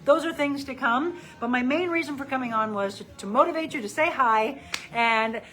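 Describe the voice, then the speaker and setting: A woman's voice: high voice, normal speed, a bit bright, faint music behind, poor audio. A middle-aged woman from the St. Louis area, a personal trainer chatting casually on a live stream while she demonstrates exercises. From St. Louis area, Missouri. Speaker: personal trainer and life coach.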